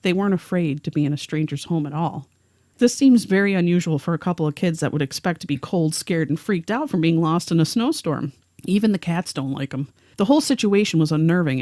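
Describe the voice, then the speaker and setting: A woman's voice: fairly low pitch, dark tone, dry recording. Podcast lady reading out a creepy first-hand story, dry sound, no room. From rural area. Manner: reads a first-hand account aloud. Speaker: podcast co-host. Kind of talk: narrated storytelling.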